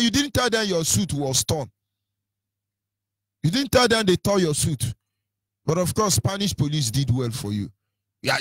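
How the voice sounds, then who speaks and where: A man's voice: a little high, breathy edge, dry recording. A Nigerian-accented man presenting on radio in a combative, taunting rant, hurling insults with sing-song lilts.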